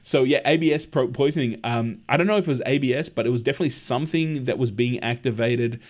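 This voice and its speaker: A man hosts a relaxed livestream at an ordinary middle pitch. He chats in a friendly, rambling way, answering viewer comments and telling stories along the way. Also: fast. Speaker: livestream host. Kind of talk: casual livestream chat.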